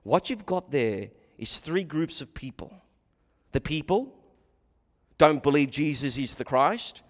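A man preaching a sermon in a church hall, his voice sitting a little high for a man. He speaks emphatically, rising and falling and often repeating words. A long hall reverb trails after each phrase. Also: lively intonation, measured pace. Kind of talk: expository sermon.

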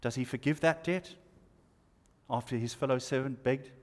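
A man preaching a sermon, explaining scripture verse by verse and asking the listeners rhetorical questions. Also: mid-range voice. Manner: expository, rhetorical questions, pauses. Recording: long reverb of a hall.

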